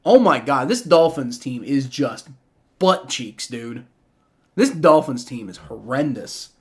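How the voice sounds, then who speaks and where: A man's voice: mid-range voice, very animated, takes it slowly, darkish tone. A man live-streaming a game reaction, ranting in exasperation with heavy profanity and frequent stammering restarts.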